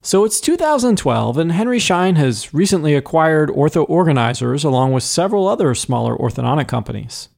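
A man's voice: a little high, big pitch swings, a little fast, creaky, hardly any pauses, darkish tone. A man hosting a podcast, asking questions and reading sponsor messages. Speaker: podcast host.

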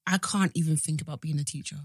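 A woman's voice: deep voice, fast, slightly rough, no room sound, clean studio sound. A young woman, co-hosting a podcast in casual chat, telling jokey stories and apologizing often. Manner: lively, apologetic, jokey storyteller. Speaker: podcast co-host.

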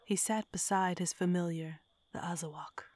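A woman reads a horror story in a hushed, whispery way. Her voice sits fairly low, and the recording is close and dry. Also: fairly even intonation, normal speed, no echo. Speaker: narrator.

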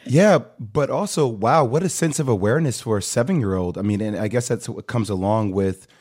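A man's voice: on the low side, a little fast, a little mellow, husky. A man hosting an interview, asking personal questions in an open, enthusiastic, candid way. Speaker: host. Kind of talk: casual interview chat.

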